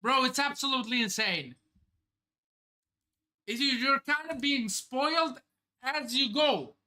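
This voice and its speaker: A woman streamer with a bright, sharp voice pitched a little high, reacting live to a comic. She talks slowly and thinks out loud, breaking into exclamations and casual swearing. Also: expressive. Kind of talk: excited live reaction commentary.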